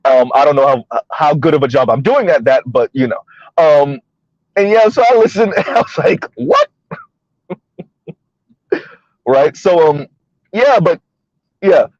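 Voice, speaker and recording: A man's voice: a little high, moderate pace, darkish tone, no echo, dull audio. A man hosting a casual commentary channel while driving, chatting loosely, laughing often and tagging sentences with "right?". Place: inside a car on the road.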